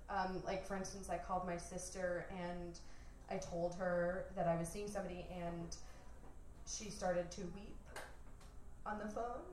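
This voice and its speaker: Laughing frequently and speaking candidly, a young woman recounts a personal story to an audience, imitating her relatives in quotes. Her pitch is fairly low and there's a slight hiss or hum, captured from a distance in an echoey room with faint ambient sound.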